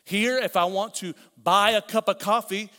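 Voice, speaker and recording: A man's voice: high voice, fairly even intonation, normal speed, bright, forceful tone. A middle-aged man preaching a sermon as pastor, conversational, with repeated phrases and asides. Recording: long hall reverb.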